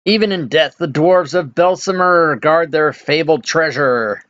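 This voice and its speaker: A vengeful dwarf ghost , as a man puts him on, warns intruders from beyond death. His voice is pushed high and loud, with slow, drawn-out words. The tone is grand and menacing. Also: muffled recording. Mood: wrathful. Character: wrathful ghost of an old dwarf warrior.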